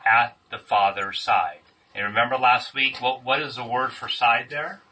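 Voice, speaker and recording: Bright-voiced man teaching a Bible study. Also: mid-range voice, fairly even intonation, normal speed, slightly rough. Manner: conversational, thinks aloud, stresses key words. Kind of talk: casual group Bible teaching. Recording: distant mic with faint room noise.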